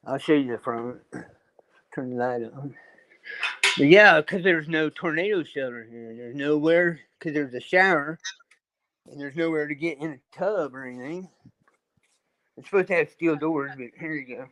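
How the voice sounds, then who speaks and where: A man's voice: fairly high pitch, a little slow, long pauses, sharp tone. Rambling man on a video call. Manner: rambling, shows off his stonework and builds. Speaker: panel guest. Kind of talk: casual live video chat.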